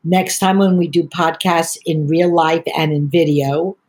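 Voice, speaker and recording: A woman's voice: low-pitched, steady tone, a little slow, a little mellow. An older woman, a tea entrepreneur, chatting as a podcast guest and telling long rambling stories. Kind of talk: podcast conversation.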